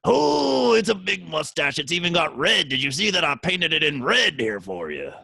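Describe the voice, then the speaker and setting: A man putting on a loud, gruff cartoon cowboy voice for a trivia bit. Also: on the high side, very animated, moderate pace, dry recording, full character voice. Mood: blustery.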